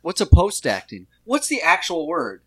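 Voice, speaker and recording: A man's voice: fairly high pitch, wildly swooping pitch, moderate pace, sharp tone, husky, no room sound. Jokey rambling man, dry sound. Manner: jokey, rambling, laughs often. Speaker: podcast co-host. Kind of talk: casual comedic chat.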